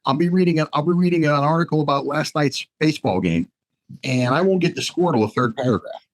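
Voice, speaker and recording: A man's voice: a little high, fast, rough recording. A man guesting on a casual podcast, airing his peeves in a rambling, mildly exasperated way. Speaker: guest author. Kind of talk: casual chat.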